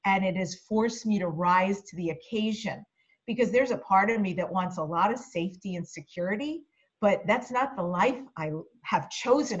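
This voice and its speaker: A woman's voice: medium pitch, husky. Chatty woman guest, muffled sound. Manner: chatty and reflective, with fillers. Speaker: interview guest, media coach. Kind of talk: casual interview chat.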